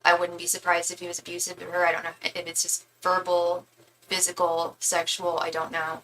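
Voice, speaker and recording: A woman's voice: fairly low pitch, monotone, fairly quick, fairly bright tone, a little hiss or hum, poor audio. A young woman giving a live-stream tarot reading, talking casually in slangy, emphatic bursts and often restarting her sentences. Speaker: tarot reader.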